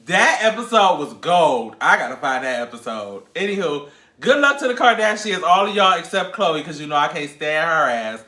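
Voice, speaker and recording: A man's voice: fairly high pitch, sing-song, moderate pace, sharp tone. A man hosting a podcast, chatting casually and sassily about celebrity gossip, laughing often as he goes. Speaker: podcast host. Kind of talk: casual pop-culture commentary. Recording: echoey room.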